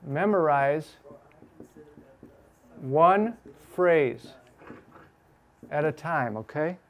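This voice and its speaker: A man teaching a Bible class, repeating scripture phrase by phrase with slow emphasis, then explaining in a quick, lively way. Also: fairly high pitch. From Chicago.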